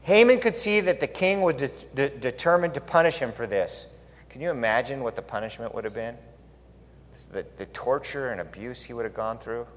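A man retelling a Bible story as a sermon, in an animated, conversational way and asking his listeners questions. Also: medium pitch, moderate pace. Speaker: preacher. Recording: echoey hall.

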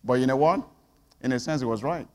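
A man preaching a sermon, firing off rhetorical questions and swinging between loud outbursts and quiet asides. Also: mid-range voice, fairly quick, in a large hall.

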